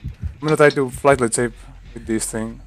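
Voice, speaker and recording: A young man giving excited co-op gameplay commentary, swearing and breaking into sudden shouts. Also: mid-range voice, moderate pace, a little hiss or hum. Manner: loud, swearing, bursts into shouts. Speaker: gaming streamer.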